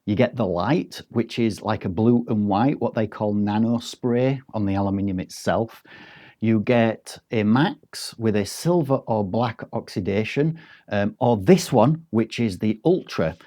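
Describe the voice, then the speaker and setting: A man's voice: lowish voice, a little slow, dark tone. A man giving a casual, rambling product review, with frequent ums and restarts. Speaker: tech reviewer.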